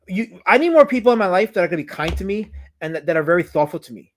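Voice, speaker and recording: A man's voice: sits high, sing-song, racing, slight background noise. A man hosting a live drawing stream, chatting casually and slipping into mock-offended, theatrical complaints. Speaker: livestream host.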